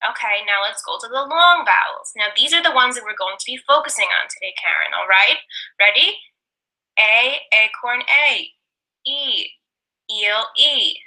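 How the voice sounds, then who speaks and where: Bright-voiced woman teaching phonics slowly. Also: fairly high pitch, expressive, rough recording. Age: young adult. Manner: sounds words out slowly and repeats them for a student. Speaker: teacher demonstrating a reading lesson. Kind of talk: slow, deliberate teaching demonstration.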